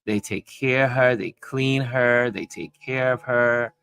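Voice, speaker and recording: A middle-aged man hosting a casual livestream chat from home, talking in an easygoing, rambling way with soft laughs. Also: mid-range voice, fairly even intonation, a little slow. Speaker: livestream host reading chat.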